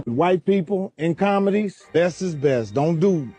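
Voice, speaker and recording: Animated comedian man recounting stories. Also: on the high side, breathy edge. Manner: animated, mimics voices. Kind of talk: storytelling interview talk. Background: music.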